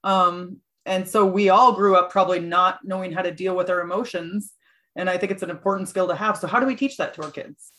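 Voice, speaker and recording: A woman's voice: lowish voice, fairly even intonation, brisk, fairly bright tone. A woman hosting an interview, asking curious follow-up questions. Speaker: interview host.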